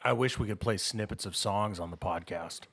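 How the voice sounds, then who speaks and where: A man's voice: lowish voice, moderate pace, fairly bright tone. Dry-humored man on a podcast. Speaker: podcast co-host. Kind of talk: casual chat.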